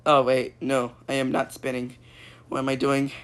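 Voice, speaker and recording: A man improvising a goofy VR puppet comedy, excitable and silly, breaking into sudden squeals. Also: medium pitch, normal speed, smooth. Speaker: puppet show creator.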